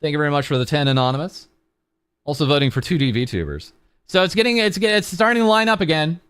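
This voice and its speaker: A man's voice: on the high side, very animated, quick pace, fairly bright tone, clear, resonant tone, no echo. A young man streaming as a VTuber, chatting casually and rambling with a self-mocking, filler-heavy way of talking. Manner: rambling, self-mocking, with lots of ums and uhs. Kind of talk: casual charity livestream chat.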